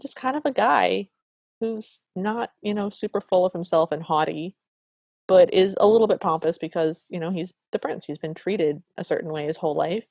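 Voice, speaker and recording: A woman co-hosting a podcast, recapping a film in animated, opinionated casual chat. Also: fairly low pitch, moderate pace, gravelly, dry recording. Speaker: podcast co-host.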